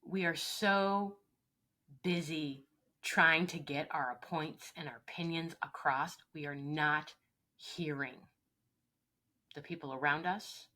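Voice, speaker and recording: A woman's voice: low-pitched, slow, long pauses, bright, forceful tone. A woman leadership coach speaking earnestly and with emphasis in an interview, often acting out short exchanges. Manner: earnest, emphatic, acts out little dialogues. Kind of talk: interview conversation.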